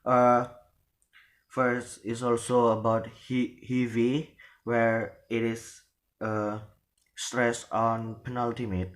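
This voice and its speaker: Slow, halting man explaining word stress. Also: mid-range voice, flat delivery. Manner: halting, repeats words and restarts phrases. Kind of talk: spoken lesson.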